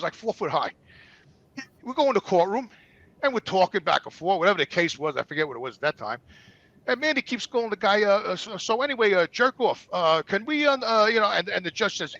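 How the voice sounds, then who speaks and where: A male guest spins a rambling, profane story in casual conversation, animatedly acting out whoever he quotes. His high-pitched voice has vocal fry, and the recording has no room sound.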